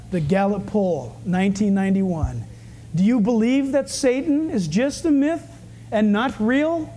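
A male pastor preaches an animated, humorous sermon built around storytelling. He swings from fast, urgent bursts to low, hushed asides.

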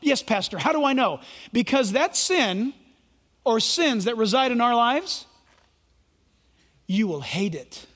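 Male pastor, high animated voice, emphatic preaching style, reverberant hall sound. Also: measured pace, long pauses. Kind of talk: sermon.

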